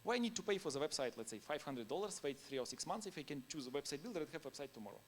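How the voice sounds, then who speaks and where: A man's voice: a little high, big pitch swings, very fast, slight background noise. A man giving a conference talk in non-native English, informal and anecdotal, laughing now and then between points. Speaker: conference speaker.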